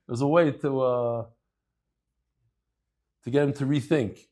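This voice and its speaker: A man giving a daily Talmud lecture, conversational and lively, acting out bits of dialogue as he explains with everyday examples. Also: mid-range voice. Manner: lively, acts out dialogue in quick asides. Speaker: Talmud teacher.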